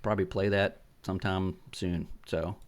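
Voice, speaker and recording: This low, level-toned man is the middle-aged host of a laid-back gaming podcast. His stories wander, come laced with swearing, and keep stopping and restarting amid fillers.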